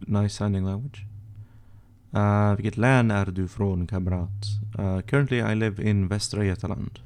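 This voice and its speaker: A young man from northern Sweden with a Swedish accent, casually reading out and answering chat questions on a live stream, with many fillers and pauses. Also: fairly low pitch, steady tone, a little mellow. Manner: laid-back, reads chat questions aloud, hesitant with fillers.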